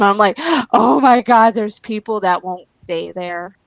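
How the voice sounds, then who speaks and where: A woman's voice: medium pitch, moderate pace, vocal fry, hardly any pauses, dry recording, poor audio. A woman in casual chat, laughing often and telling emotional stories.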